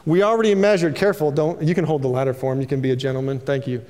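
A man pastor preaching an animated sermon to a congregation, calling out for amens. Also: medium pitch, rapid-fire, long reverb tail.

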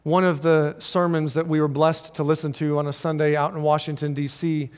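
A male pastor preaching a sermon in an animated way, acting out voices and slowing down for emphasis. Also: on the high side, clean tone, long reverb tail.

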